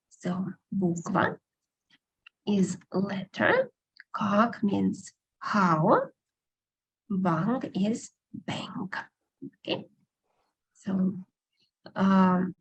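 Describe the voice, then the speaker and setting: A woman teaching an online beginner language class, patiently repeating words slowly over a video call. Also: mid-range voice, darkish tone, breathy edge, muffled recording.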